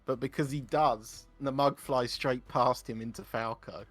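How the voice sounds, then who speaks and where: A man's voice: medium pitch, steady tone, measured pace, soft background music. A man playing a tabletop game, describing his character's actions in rambling bursts with restarts. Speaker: player.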